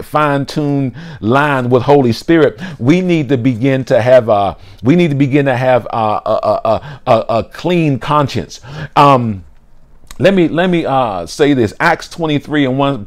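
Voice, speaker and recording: A man preaching a sermon, full of restarts and repetitions, often dropping into a soft lowered voice to act out an inner voice.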